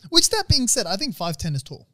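Lively, laughing man with a high voice. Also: brisk, dry recording, clean studio sound. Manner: laughing, argumentative, crude. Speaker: podcast co-host. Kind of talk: casual banter.

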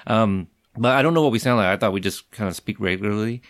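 Low-voiced man interviewing haltingly. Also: fairly bright tone, no echo, clean studio sound. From Texas, raised in Pacific Northwest. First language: bilingual with Lao. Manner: halting, stutters and restarts, laughs often. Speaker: podcast host, interviewer. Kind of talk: casual interview conversation.

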